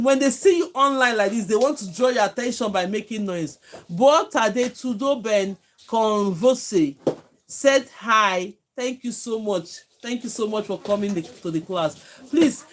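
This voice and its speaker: A woman's voice: fairly high pitch, a little hiss or hum. A woman from Nigeria with a Nigerian accent, teaching hair braiding on a live stream from home, chatting and thanking viewers by name. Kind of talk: live-stream tutorial chat.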